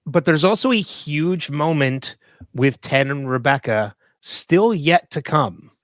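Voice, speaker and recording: A man's voice: on the high side, animated, slow, no echo. A man co-hosting a casual podcast discussion, rambling with lots of fillers and laughing often. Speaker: podcast co-host.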